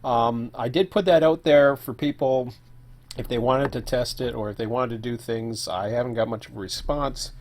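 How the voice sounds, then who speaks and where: A man's voice: mid-range voice, moderate pace, darkish tone. A man casually talking through a solo live stream, thinking aloud with fillers and self-corrections, sometimes while eating.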